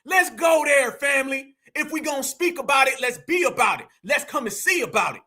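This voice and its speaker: A man from the United States with a very high, piercing voice that carries real edge and brightness. He rants in heated reaction commentary, mocking and combative, repeatedly calling his audience fam. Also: very animated, fairly quick. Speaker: reaction channel host.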